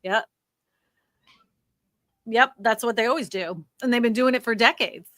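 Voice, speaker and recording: A woman's voice: fairly high pitch, unhurried, a bit bright, no room sound, studio quality. A woman hosting a livestream, explaining things in a chatty way with many asides. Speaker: host. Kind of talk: casual livestream chat.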